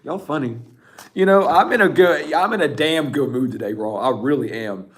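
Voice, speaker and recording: Guy doing a tarot reading, laughs a ton, roasts folks, cusses, voice a bit high and kinda rough in the throat. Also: moderate pace. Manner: laughing, teasing, blunt and profane. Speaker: tarot reader. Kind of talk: casual tarot reading monologue.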